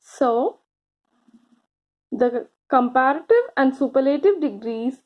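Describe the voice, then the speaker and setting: A woman teaching grammar to children, speaking slowly and encouragingly, stretching out key words and pausing for answers. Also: sits high, animated, narrow, tinny audio. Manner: slow, encouraging, drawn-out words with pauses for answers.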